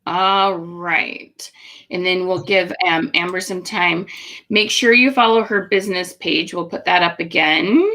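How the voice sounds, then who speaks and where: A woman hosts a live online webinar in a bright, crisp voice. She talks in an upbeat, chatty way, peppered with "um"s. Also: lowish voice, a little slow. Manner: upbeat, chatty, many fillers. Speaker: host.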